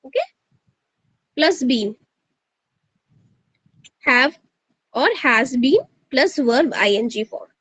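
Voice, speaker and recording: An Indian English woman with a high, bright voice teaches grammar in a live online class. She keeps asking her students questions and slips into Hindi to prod them. Her voice sounds close and dry, with no room around it. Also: animated, slow, long pauses, husky, dry recording, rough recording.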